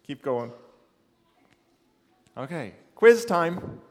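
A man's voice: on the high side, sing-song, very slow, long reverb tail. Man telling a story in a sermon. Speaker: preacher. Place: church.

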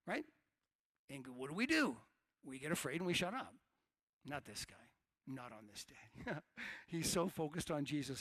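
Animated male preacher with dry sound. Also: fairly high pitch, a little slow, long pauses, no room sound. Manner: animated preaching, swinging from hushed to shouted. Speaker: pastor. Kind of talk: sermon.

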